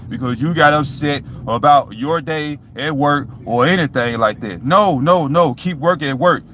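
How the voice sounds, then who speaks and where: A man's voice: fairly high pitch, a little fast, few pauses, fairly bright tone. Guy talking to his youtube viewers outside, cussing a lot, "you know what im saying" every line, street noise all around. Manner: loose, profane, repeats "you know what I'm saying". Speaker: YouTube vlogger. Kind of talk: casual motivational talk to viewers.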